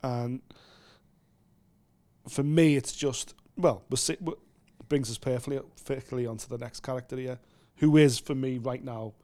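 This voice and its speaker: A man co-hosting a casual fight-sports chat, gushing and excitable, quick to heap praise on fighters. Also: medium pitch. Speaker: podcast co-host.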